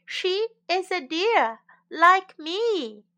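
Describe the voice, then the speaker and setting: Woman reading a cocky storybook deer, high and slow, playful swoops. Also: sing-song, pushed and bright, heavily acted. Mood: insisting. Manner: matter-of-fact, exaggerated. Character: confident, teasing deer.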